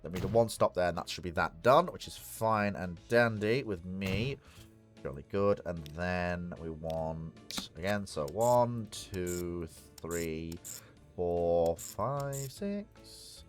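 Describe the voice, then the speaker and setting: A man's voice: low-pitched, takes it slowly, soft background music. A man casually commenting while he plays a strategy game on a live stream, rambling and talking to himself and to the game. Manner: rambling, talks to himself and the game, self-mocking.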